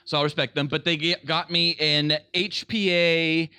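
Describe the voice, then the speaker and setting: Higher-voiced deadpan podcast co-host man. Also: normal speed, smooth, dry recording, clean studio sound. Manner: deadpan teasing, mock-serious delivery. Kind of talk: crude comedic podcast banter.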